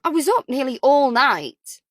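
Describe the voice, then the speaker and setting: A woman's voice: high voice, very animated, measured pace, dry recording, clean studio sound, voice pushed up, exaggerated voice. A woman voicing a flustered, exhausted young mother in whispered role-play, defensive and stumbling over her words.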